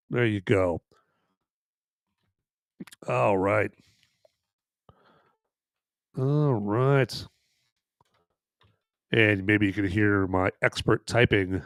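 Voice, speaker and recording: A man's voice: mid-range voice, slow, long pauses, clear, resonant tone, dry recording, clean studio sound. A man hosting a live movie podcast, chatting casually in a rambling, jokey way. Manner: rambling and jokey, tacks on "right there". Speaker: podcast host.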